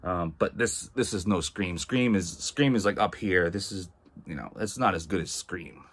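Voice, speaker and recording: Casual film reviewer from Massachusetts, a man with a lowish voice who rambles with lots of filler words. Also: moderate pace, fairly bright tone, slightly rough. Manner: rambling, heavy on "like" and "um", swears freely. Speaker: movie reviewer.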